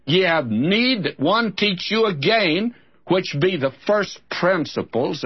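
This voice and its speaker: Folksy male radio preacher with a wide-swinging, animated delivery, dull old broadcast sound. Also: medium pitch, breathy edge. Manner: folksy, emphatic preaching with lively rises for scripture. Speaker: radio Bible teacher. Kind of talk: sermon.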